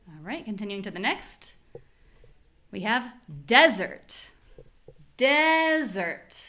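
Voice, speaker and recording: Leading a live pronunciation lesson online, this American woman demonstrates words with exaggerated, clear stress. Her voice is mid-range and fairly bright.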